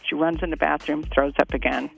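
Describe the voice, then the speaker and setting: A woman's voice: deep voice, fairly even intonation, brisk, vocal fry, slightly rough. A woman in her fifties from Virginia calling in to a radio show, telling a story in a chatty, emotional way over a phone line. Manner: chatty, emotional, laughing often. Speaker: caller. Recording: phone line with faint music.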